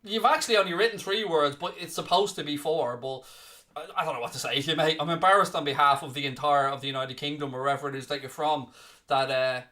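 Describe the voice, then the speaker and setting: An Irish man with a Dublin-area accent hosts a live football watchalong, his voice bright and forceful. He teases and mock-scolds viewers over their comments. He reads out the latest scores like a presenter, at a slightly higher pitch than most men. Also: a little fast. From Ireland. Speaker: watchalong host.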